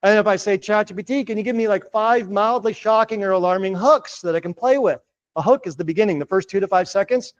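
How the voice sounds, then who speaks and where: Guy coaching a room, high pitched, chatty and upbeat, says right a lot, slightly dull live recording. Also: fast. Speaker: real estate coach and presenter. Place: office meeting room.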